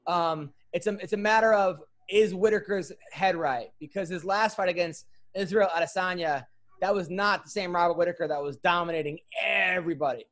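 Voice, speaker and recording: Casual man, podcast host, light high voice, joking banter. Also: brisk, a bit bright. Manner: loose, joking, swears. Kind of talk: casual chat on a video call.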